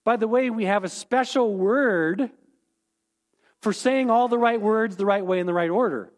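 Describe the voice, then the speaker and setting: A man's voice: high-pitched, normal speed. A man teaching a Bible lesson, explaining terms and repeating key points, often checking in with "okay?".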